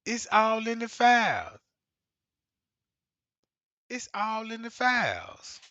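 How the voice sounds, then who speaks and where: A man's voice: high voice, sing-song, slow pace, pushed and bright, no room sound, muffled recording. A man streaming to viewers, ranting in a casual, slangy, emphatic way and repeating himself.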